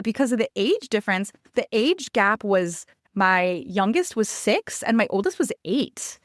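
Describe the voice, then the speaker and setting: Animated woman telling stories on a dry mic. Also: moderate pace, dry recording. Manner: animated, acts out quotes with raised pitch; candid, conversational. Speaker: podcast host. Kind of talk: personal storytelling monologue.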